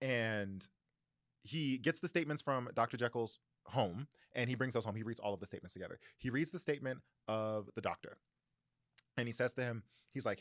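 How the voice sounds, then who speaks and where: A young American man co-hosting a book podcast, animated and laughing often as he retells the plot. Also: medium pitch, fairly quick, dry recording, clean studio sound. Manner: animated, laughs often, acts out characters loosely in his own voice. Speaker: podcast co-host. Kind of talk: casual book discussion.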